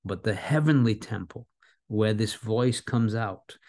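A man preaching an expository Bible sermon, earnest and deliberate, repeating key words and slowing down for emphasis. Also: fairly low pitch, a little mellow.

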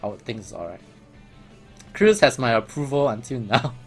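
A man's voice: medium pitch, lively intonation, moderate pace, soft background music. A man giving casual, chatty commentary as a gaming vlogger, laughing often.

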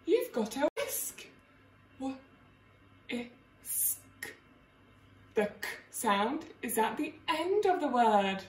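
A woman teacher giving a phonics lesson to young children, sounding out letters slowly and clearly in a sing-song way. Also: sits high, sing-song, far from the mic, background noise. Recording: echoey room, away from the mic.

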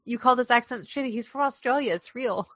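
A woman's voice: a little high, fast talker, fairly bright tone, no echo, clean studio sound. A woman co-hosting a podcast, chatting casually about a movie, giggling often and filling her talk with "like". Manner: giggly, chatty, lots of fillers. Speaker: podcast co-host. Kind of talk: casual movie-review chat. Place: lives in Austin.

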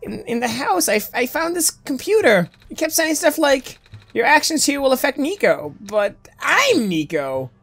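A woman's voice: sits high, sing-song, normal speed, a bit bright, soft background music, pitched above the performer's own voice, heavily acted. A woman voicing a lost young boy hero who talks hesitantly and stammers. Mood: unsure.

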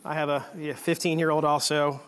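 A middle-aged man preaching a sermon in church, earnest, repeating phrases and slowing down on the key words as he reads scripture. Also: on the high side, flat delivery, fairly bright tone. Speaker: guest preacher. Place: church sanctuary.

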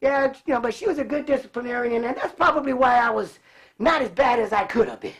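A man from Cleveland who grew up in California, a guest telling animated stories with frequent laughter. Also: very high-pitched, fast. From Cleveland, raised in California. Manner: animated, laughs often, acts out voices. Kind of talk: casual storytelling.

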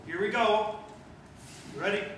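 High-voiced man coaching a band. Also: slow pace, a bit bright. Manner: coaching, encouraging, sings note syllables. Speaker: guest band conductor. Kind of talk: band rehearsal instruction. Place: school band rehearsal room. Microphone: distant room mic. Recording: echoey room from far off, noisy.

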